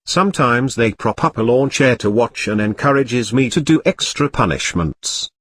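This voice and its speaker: A man voicing a timid, excitable male house elf servant who keeps dropping a low, bowing "sir" at the end of his sentences. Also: moderate pace, slight background noise, natural voice. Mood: earnest. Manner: servile, ends sentences with a low drawn "sir".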